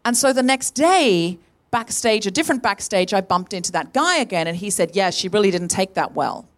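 Woman co-host, live comedy podcast storyteller, animated, does the voices in her anecdotes. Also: mid-range voice, a little fast. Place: live venue stage.

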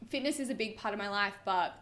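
A woman's voice: mid-range voice, fast, fairly bright tone. A young Australian woman in her twenties, a comedy creator chatting casually as a podcast guest, peppering her talk with fillers and swearing.

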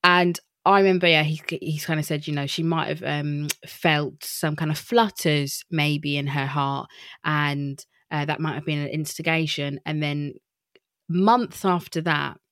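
A woman's voice: deep voice, steady tone, measured pace, a bit bright, dry recording, clean studio sound. Candid swearing woman podcaster. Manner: candid, swears freely, laughs often. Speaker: podcast host. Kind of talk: casual podcast monologue.

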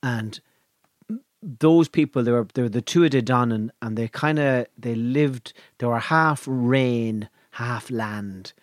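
An Irish man, a podcast co-host, retelling an old legend in a hushed, measured way with dramatic pauses. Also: medium pitch, no room sound, studio quality. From Ireland. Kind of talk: casual storytelling.

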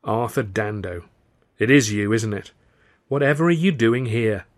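A man's voice: lowish voice, lively intonation, unhurried. A man voicing a wry young woman, an old sweetheart, in a storybook reading. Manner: wry, softly amazed.

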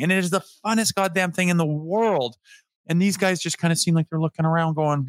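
A man co-hosting a sports podcast in casual chat, talking in an animated way and swearing freely. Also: on the high side, brisk, dry recording, clean studio sound. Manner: animated, swears, acts out players' voices. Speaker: podcast co-host.

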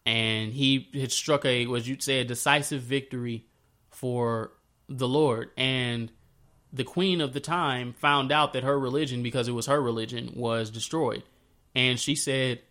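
A man telling a Bible story in a casual, slangy way, breaking into animated retellings of the scenes. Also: medium pitch, normal speed. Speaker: speaker sharing a faith story. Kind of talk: casual spoken reflection.

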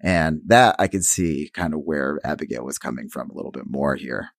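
A man's voice: a bass voice, normal speed, dry recording, studio quality. A man co-hosting a podcast in casual recap chat, hesitant, with many restarts and fillers. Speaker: podcast co-host.

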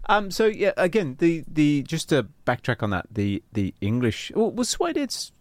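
A man's voice: fairly high pitch, sing-song, moderate pace, no room sound. A man co-hosting a radio music show, chatting in a joking, rambling, teasing way about old records. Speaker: radio co-host. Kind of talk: casual on-air banter about records.

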